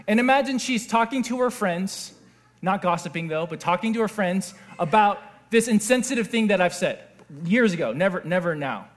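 High-voiced male pastor preaching. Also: normal speed. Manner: animated, asks the audience questions. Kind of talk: sermon.

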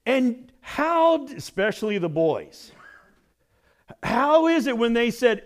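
Animated preaching man. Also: very high-pitched, a little slow. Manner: animated preaching, swinging from loud exclamations to hushed asides. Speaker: pastor. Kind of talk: sermon.

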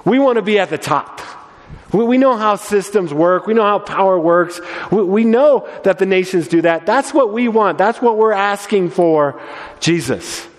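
A man's voice: sits high, lively intonation, normal speed, in a large hall, voice pushed up. A man voicing a group of eager, squabbling young male disciples who talk in whiny, casual modern slang.

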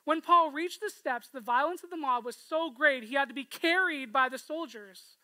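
A woman preaching a sermon in a high, bright voice. She retells the scripture story expressively, often asking listeners to imagine themselves in it. The sound is dry and close. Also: moderate pace, no room sound, rough recording.

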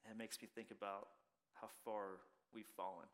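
A man's voice: on the low side, level tone, normal speed, big-room sound, slight background noise. A man in his thirties, a pastor giving a conversational sermon full of stories and filler words.

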